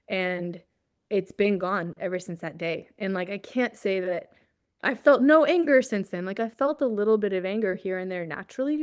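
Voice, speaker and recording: A woman's voice: fairly low pitch, clear, resonant tone, no room sound, studio quality. A woman guest on an interview show, telling a personal story in a casual way, often laughing and acting out her own thoughts. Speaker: guest, journalist.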